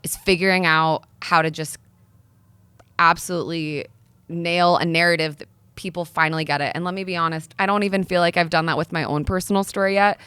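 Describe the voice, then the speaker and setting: A woman's voice: lowish voice, fairly even intonation, brisk, bright, forceful tone, clear, resonant tone, dry recording. A young woman speaking earnestly and persuasively as a guest in a sit-down interview. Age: young adult. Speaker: guest, nonprofit founder.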